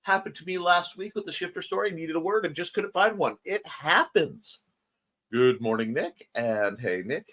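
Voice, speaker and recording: A chatty male host runs a relaxed morning stream, reading comments aloud and tossing in quick asides. His voice sits a little high and swings up and down constantly. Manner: lively, chatty, quick asides and self-corrections. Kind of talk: casual livestream chat reading viewer comments.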